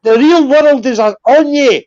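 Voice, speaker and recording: A man's voice: very high-pitched, unhurried, a little mellow. Scottish guy in his 50s ranting, blunt and sweary, kinda dull lo-fi stream audio. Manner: hot-tempered, blunt, swears a lot. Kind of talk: heated casual chat.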